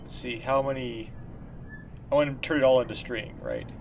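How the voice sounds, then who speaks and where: Quiet rambling man narrating gameplay. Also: moderate pace, vocal fry, a little hiss or hum. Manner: rambling, low-key and quiet. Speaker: gameplay commentator. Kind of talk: casual game commentary.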